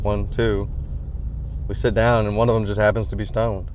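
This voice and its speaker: A man's voice: lowish voice, level tone, normal speed, darkish tone. A man hosting a solo podcast while driving, rambling casually with jokes and swearing. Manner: joking, profane, goes off on tangents. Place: inside a moving car. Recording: constant car road noise.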